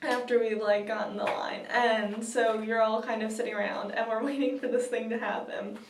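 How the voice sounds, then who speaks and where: A woman's voice: fairly high pitch, flat delivery, moderate pace, slight background noise. A young woman vlogger telling a story in a giggly, gushing way, full of fillers. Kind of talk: excited casual storytelling. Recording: roomy, distant from the mic.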